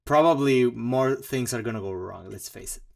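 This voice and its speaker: A man's voice: mid-range voice, normal speed, vocal fry. A man hosting a casual walkthrough vlog about his own music, rambling and joking with many fillers and mock asides. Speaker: composer and channel host.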